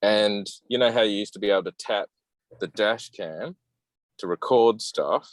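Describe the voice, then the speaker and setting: A man's voice: fairly low pitch, moderate pace, no room sound, poor audio. An Australian man chatting casually on a video call, laid-back and blunt, with the odd swear word. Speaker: club member. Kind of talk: casual chat.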